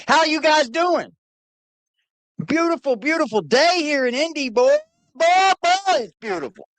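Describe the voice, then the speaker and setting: A woman's voice: sits high, lively intonation, unhurried, no echo. A woman hosting a casual livestream, playfully greeting chatters by name one after another on a laptop mic. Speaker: livestream host.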